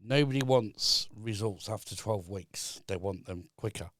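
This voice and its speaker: Man explaining in measured tones. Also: fairly low pitch, fairly bright tone, no echo, clean studio sound. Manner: measured, explaining step by step with many fillers. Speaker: podcast guest, business consultant. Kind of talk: casual chat. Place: podcast studio.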